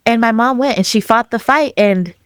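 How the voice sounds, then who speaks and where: A young adult woman telling her own story as a podcast guest, animated and acting out the voices of the people in it, laughing often. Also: a little high, normal speed, dry recording, studio quality. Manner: animated, acts out quoted dialogue, laughs often. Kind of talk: personal storytelling.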